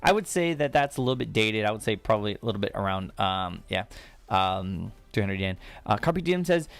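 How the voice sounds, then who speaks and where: A man's voice: lowish voice, animated, fairly quick, vocal fry. A man, hosting a casual live-stream Q&A and rambling with lots of fillers. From United States. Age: 30s. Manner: rambling, chatty, many fillers and restarts.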